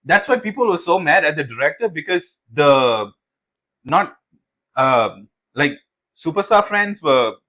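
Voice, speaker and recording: His voice sits a little high and his pace is measured, captured on a rough recording. As a podcast co-host he swaps casual stories, swearing freely and performing the quotes he relays.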